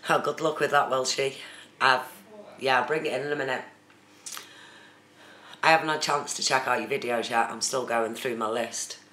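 Chatty streamer in an echoey room. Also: female voice, extremely low pitch, steady tone, moderate pace, pauses often, pushed and bright. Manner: chatty, reads viewer comments aloud. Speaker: live streamer. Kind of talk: casual live-stream chat. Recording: echoey room with faint noise.

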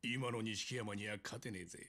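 An older man voicing a grave male yakuza mentor in a video game cutscene, slow and solemn. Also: fairly low pitch, fairly even intonation, pushed and bright.

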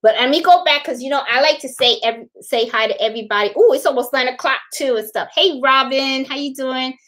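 Chatty high-voiced woman live-streamer. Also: a little fast, fairly bright tone, low-quality recording. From Puerto Rican. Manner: chatty, repeats herself, laughs often. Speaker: livestream host. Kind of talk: casual live-stream chat.

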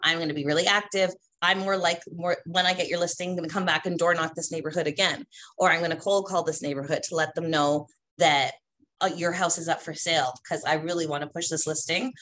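A woman with a slightly low voice coaches real estate agents. She talks in a chatty, emphatic way and keeps checking in with "right?" after her points. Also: fairly even intonation, fast talker, fairly bright tone. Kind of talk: instructional talk to agents.

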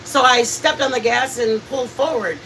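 Lady cooking and rambling through funny family stories, a bit high, mic kinda far off, faint hiss. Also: moderate pace. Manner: chatty, laughing, animated storyteller. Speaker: cooking channel host. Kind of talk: casual storytelling while cooking on a live stream.

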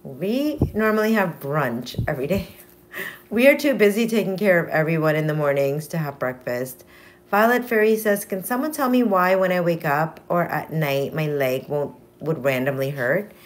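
A woman hosting a casual morning livestream from home with her dogs, talking in a hyper, playful put-on accent. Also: deep voice. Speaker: livestream host.

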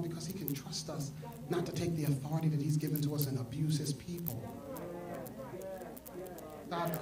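A male pastor preaching a sermon, swinging from soft asides to loud exclamations. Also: on the high side, distant mic. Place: church sanctuary. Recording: echoey church hall, mic from afar, congregation audible. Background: congregation.

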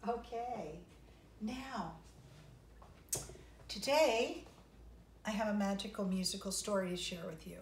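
Kindergarten music teacher lady, slow sing-songy kid talk, echoey room, faint hiss. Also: on the high side, animated. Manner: encouraging, sing-song, talks to children. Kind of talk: online music lesson and story reading for young children. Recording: roomy, distant mic, faint noise.

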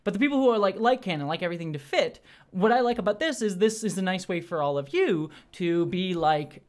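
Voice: mid-range voice, expressive, fairly quick, a little mellow. A young adult host giving a casual solo episode review, gushing and restarting sentences often, with many fillers. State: briefly teary.

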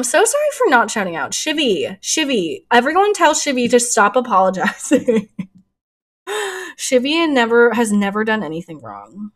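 A young woman chatting casually on a live art stream, rambling and giggling as she reads chat aloud. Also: a little high. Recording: faint music under voice. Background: soft lo-fi music.

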